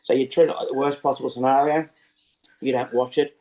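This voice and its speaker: An Australian man, a snake catcher, explaining things over a video call in a lively storytelling way. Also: medium pitch, brisk, poor audio. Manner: lively storyteller who acts out scenes. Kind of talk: casual explanatory interview talk.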